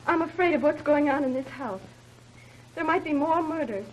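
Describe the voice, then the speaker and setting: A woman's voice: high voice, normal speed, close to an everyday voice, rough recording. An actress in a 1930s film playing a timid young woman who is afraid and wants to leave. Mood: fearful. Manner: timid, fearful. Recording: old film soundtrack with faint noise.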